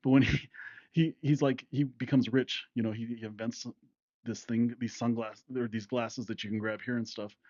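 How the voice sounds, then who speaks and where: A man's voice: mid-range voice, little pitch movement, moderate pace, a little mellow, dry recording, highs cut off. A man in his fifties co-hosting a casual podcast with his son, rambling through stories, laughing often and acting out quotes. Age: 50s. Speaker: podcast co-host, father. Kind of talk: casual chat.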